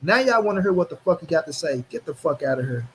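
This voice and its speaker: A man's voice: a little high, expressive, fast, slight background noise, low-quality recording. A man hosting a boxing commentary channel, ranting in a casual, profane way, repeating lines for stress and talking straight to his viewers in street slang.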